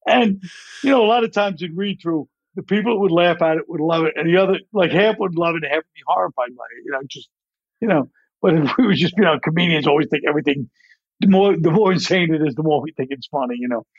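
A man with a fairly high speaking voice spins long, rambling comedy stories and slips into character voices as he tells them. The sound is dry and a little dull, like a close studio podcast mic. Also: fast, no room sound. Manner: rambling, animated storyteller who acts out voices. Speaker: comedian guest. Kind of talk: casual interview storytelling.

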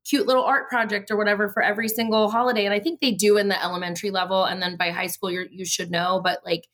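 A woman's voice: medium pitch, fairly even intonation, quick pace, fairly bright tone. A woman in her thirties from Virginia, a school board candidate chatting casually as a podcast guest and acting out quoted voices. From Prince William County, Virginia, USA.

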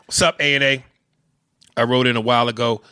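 A man co-hosts a loose, profane podcast, riffing and reading listener mail aloud. His voice is bright and forceful with a mid pitch. The sound is dry and close. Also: fairly even intonation, fairly quick, clean tone, dry recording. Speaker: podcast co-host.

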